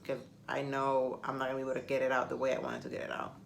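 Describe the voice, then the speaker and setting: A woman's voice: extremely low pitch, completely flat delivery, racing, vocal fry, slight background noise. A woman whose first language is Spanish, chatting casually to camera and rambling with self-mocking humor. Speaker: vlogger.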